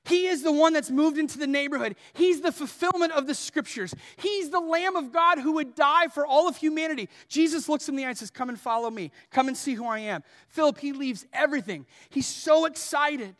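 A man preaching a sermon, animated, swinging between loud emphatic lines and soft low ones. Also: a little fast, hardly any pauses. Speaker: pastor. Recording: long hall reverb.

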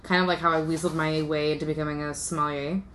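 A woman's voice: deep voice, flat delivery, fast talker, a bit bright, slight background noise. A woman guest on a podcast, chatting casually and poking fun at herself. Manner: self-mocking, playful. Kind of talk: casual chat.

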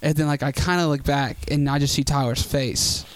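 A man's voice: a little high, fairly even intonation, moderate pace, no echo. A young man telling a story in casual chat, swearing freely and acting out quotes.

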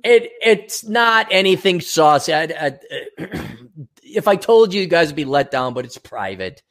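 A man in loose, unscripted conversation, cursing freely and speaking his mind without softening it. His voice sits a little on the high side, and he drops into exaggerated impressions of other people while he rambles on. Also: a little slow. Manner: blunt, profane, rambling with animated mock voices. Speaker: podcast co-host. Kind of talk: casual chat.

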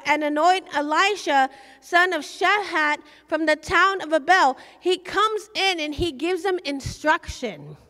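A woman's voice: extremely high pitch, sharp tone. A woman preaching a sermon with passion, acting out prayers and scripture quotes. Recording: long hall reverb.

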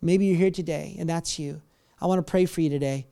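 A man preaching a sermon and leading an altar call, impassioned and rhythmic, swelling to near-shouts and then dropping soft. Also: fairly high pitch, steady tone, a little fast, gravelly, clear, resonant tone. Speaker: pastor.

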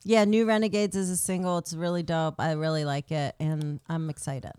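Upbeat New York rapper guest. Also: female voice, low-pitched, level tone, normal speed, darkish tone, smooth, dry recording, studio quality. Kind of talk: casual interview chat.

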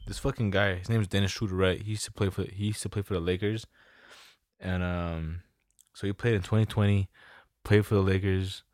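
A man's voice: sits low, steady tone, brisk, darkish tone, no echo, studio quality. A man in casual chat, loose and slangy, swearing freely and retelling stories with quoted dialogue.

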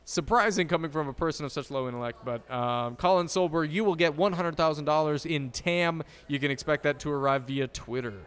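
A man with a slightly high, clean-toned voice talks briskly with few pauses while hosting a casual sports podcast. He's sarcastic and jokey, delivering deadpan insults.

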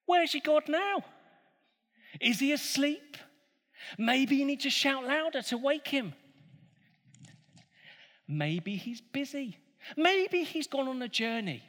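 A man's voice: sits high, expressive, unhurried, long pauses, fairly bright tone. A man doing a bold, defiant prophet. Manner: confident, teasing. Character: bold, defiant male prophet, mocking rivals. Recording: long hall reverb.

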